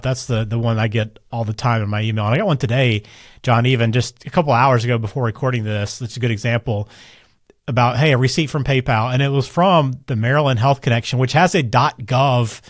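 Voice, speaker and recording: A male co-host talks fast in a loose, chatty way, with a mid-range voice. He moves the talk along between topics. The recording is dry and close-miked. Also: medium pitch, dry recording. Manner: quick, chatty, loose with fillers. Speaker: podcast co-host. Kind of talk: casual conversational chat.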